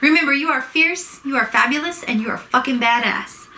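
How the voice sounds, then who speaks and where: A woman's voice: high voice, brisk, sharp tone, slight background noise, rough recording. Heated, swearing woman venting to camera. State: agitated, close to tears. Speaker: vlogger. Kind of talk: emotional personal rant to camera.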